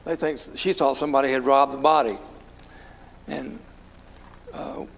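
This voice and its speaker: A man's voice: medium pitch, fairly even intonation, a little slow, vocal fry, long reverb tail, background noise. A man leading an informal Bible study in a church, talking conversationally and asking his class questions. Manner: conversational, asks the class questions, many fillers. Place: church hall.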